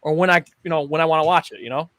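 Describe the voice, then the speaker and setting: A man on a podcast panel who talks in an animated, blunt way. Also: fairly high pitch, racing, over a noisy crowd. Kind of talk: casual chat.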